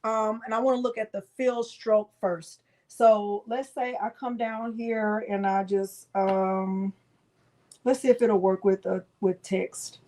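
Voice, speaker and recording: A middle-aged woman hosting a live craft software tutorial, chatting with viewers by name while she demonstrates. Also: mid-range voice, steady tone, slow pace.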